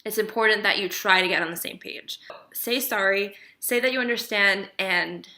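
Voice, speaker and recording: A woman's voice: medium pitch, normal speed, bright, forceful tone. A woman talking casually to camera, giving relationship advice in a chatty, emphatic way and often checking in with the viewer.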